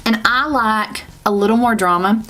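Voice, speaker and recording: A woman's voice: on the high side, normal speed, fairly bright tone. A woman with a Southern US accent, chatting and rambling through a casual makeup tutorial as a beauty vlogger. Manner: chatty, rambling, self-correcting with laughs.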